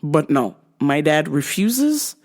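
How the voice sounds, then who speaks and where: Animated, foul-mouthed woman storyteller. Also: low voice, slow. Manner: profane, exasperated, animated. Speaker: podcast host. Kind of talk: comic storytelling.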